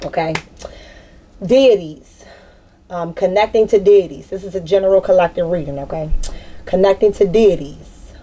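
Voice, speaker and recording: A woman giving a casual spiritual card reading to her viewers, rambling, excitable and full of slang, breaking into loud laughter. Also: on the low side, normal speed, long pauses, low-quality recording. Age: adult with a daughter. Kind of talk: casual tarot-style collective reading.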